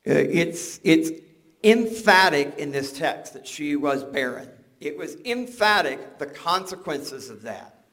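A man's voice: on the high side, very animated, slow, a bit bright. An older man preaching a sermon, conversational and joking, often restarting his words. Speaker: pastor.

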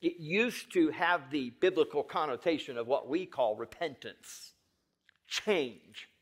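Preaching at a measured pace, this pastor moves from low, subdued lines to loud, pressing ones. He asks his congregation questions head-on.

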